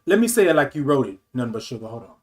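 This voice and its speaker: A man in his fifties hosting a casual livestream talk show, reading viewer comments aloud and answering them in an animated, affectionate way. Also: mid-range voice, very fast. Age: 50s. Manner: animated, affectionate, calls viewers baby and y'all.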